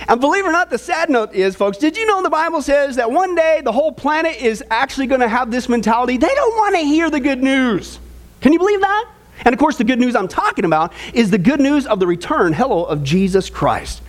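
A man preaching as pastor, telling jokes and bantering with his audience in an animated way. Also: very high voice, brisk. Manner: animated, jokey, tosses in audience asides. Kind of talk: joking sermon.

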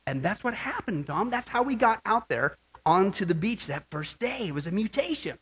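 A man preaching a sermon as pastor, animated and joking, asking the crowd rhetorical questions. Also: high-pitched, fairly quick, slightly rough.

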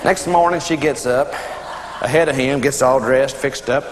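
A man preaching a sermon, telling a folksy joke story in an animated way to a congregation. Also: mid-range voice, moderate pace. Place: church hall with congregation. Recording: echoey hall, loud audience and noise.

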